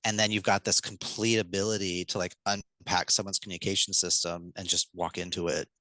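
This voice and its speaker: Animated man explaining with energy. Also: low voice, dry recording, low-quality recording. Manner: animated, fast-talking, acts out what a parent would say to a child. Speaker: guest speaker on parenting communication. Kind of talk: enthusiastic podcast interview.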